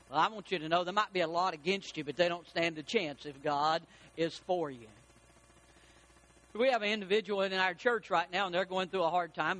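A man preaching a sermon as pastor, animated and rising to shouts for emphasis. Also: high-pitched.

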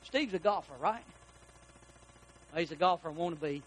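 A man preaching a sermon in a church, folksy and animated, asking his congregation questions. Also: on the high side, normal speed, slight background noise. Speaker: pastor. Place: church sanctuary.

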